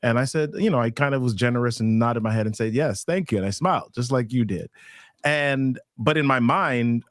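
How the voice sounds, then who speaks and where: A man's voice: mid-range voice, brisk, dry recording, studio quality. A man hosting a conversational interview who listens attentively and answers with short affirmations before telling his own story. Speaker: workshop host.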